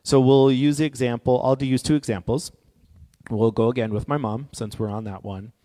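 A man giving a reflective, personal talk in an earnest, gently encouraging way. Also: medium pitch, steady tone, brisk. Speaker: speaker on grief and healing. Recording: long hall reverb.

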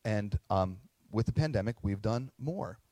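Earnest middle-aged pastor, dry close sound. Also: male voice, on the low side, animated, measured pace, warm tone, no room sound. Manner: conversational, earnest storytelling with acted quotes. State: tearing up at moments. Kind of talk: sermon.

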